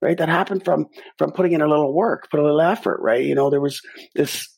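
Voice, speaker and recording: On a podcast, a middle-aged male guest animatedly shares a personal anecdote and performs his own thoughts aloud. He talks fast at a fairly high pitch, and his voice sounds creaky and husky.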